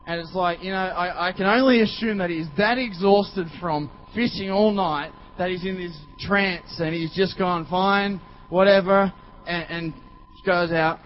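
A man preaches in a loose, rambling, conversational way, with plenty of fillers. His voice sits fairly high for a man. The recording sounds dull and lo-fi. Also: normal speed, slight background noise. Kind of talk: sermon storytelling.

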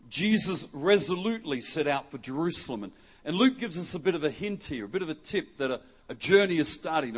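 A husky, fairly high-voiced man from Western Australia preaches as a guest in a church hall before a congregation. His lively sermon is jokey and conversational, with acted-out quotes and interaction with the audience.

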